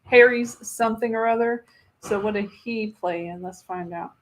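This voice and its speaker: A woman's voice: medium pitch, normal speed, slight background noise. A woman in her thirties co-hosting a casual chat, rambling through stories, laughing often and swearing freely. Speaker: co-host.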